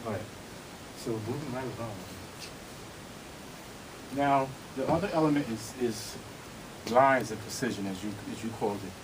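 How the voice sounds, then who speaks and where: A man's voice: medium pitch, moderate pace, pauses often, noisy background. A man teaching a vogue dance class, talking casually and a little out of breath, checking in with his students as he demonstrates. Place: dance studio with music playing. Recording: music playing behind.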